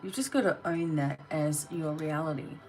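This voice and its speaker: Woman with a low voice doing a tarot reading, blunt and pushy in a motivating way, soft music behind. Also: moderate pace, low-quality recording. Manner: blunt, motivating, speaks straight to the viewer. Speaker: tarot reader.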